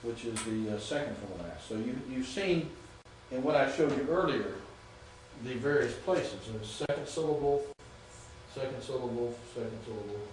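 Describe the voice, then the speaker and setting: A man's voice: medium pitch, expressive, moderate pace, slight background noise. Man lecturing in an echoey classroom. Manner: explains step by step, quizzing students. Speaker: Greek teacher. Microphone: far from the mic. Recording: very echoey distant classroom recording.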